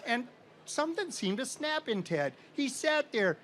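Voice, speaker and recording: A middle-aged man from Minnesota telling a comic story with dry, deadpan timing to a live audience at an outdoor state fair stage. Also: very high voice, measured pace, a little hiss or hum.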